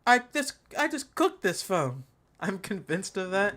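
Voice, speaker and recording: This tech channel host's voice is high, fairly bright, and very animated, though he doesn't rush. Chatting with his viewers, he delivers live, casual commentary on a product event, full of slang, jokes, ranting, and over-the-top ridicule.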